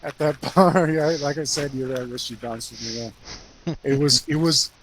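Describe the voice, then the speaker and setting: A man's voice: a little high, moderate pace, a bit bright, a little hiss or hum, poor audio. A man chatting casually with friends, telling bar stories in a laid-back way, laughing often and trailing off with fillers.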